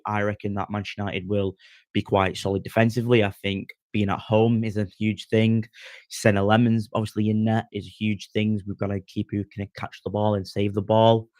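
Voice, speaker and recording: A man hosts a live-streamed football preview, talking in a rambling, chatty way that keeps doubling back on itself. His voice sits a touch low. The sound is dry, with no room echo. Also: darkish tone. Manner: rambling, chatty, often restarts mid-sentence. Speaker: podcast host.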